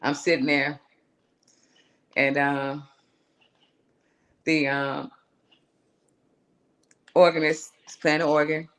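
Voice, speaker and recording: A woman, a singer and songwriter, telling a personal story on a live show in a lively way, acting out voices and calling her listener "girl". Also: low voice, takes it slowly, long pauses. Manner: animated, acts out her own voice and inner voices, calls the listener "girl".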